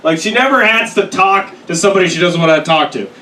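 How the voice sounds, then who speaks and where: A young man performing a stand-up set, telling crude, self-deprecating stories and slipping into quick put-on voices. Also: high-pitched, sharp tone, a little hiss or hum. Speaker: stand-up comedian. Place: comedy club stage. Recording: echoey room, mic at a distance. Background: audience laughter.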